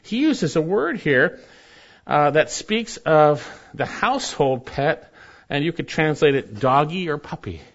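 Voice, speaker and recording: A man's voice: a little high, very animated, measured pace, highs cut off. A man preaching a sermon as pastor, earnest and emphatic, building in intensity as he explains a passage.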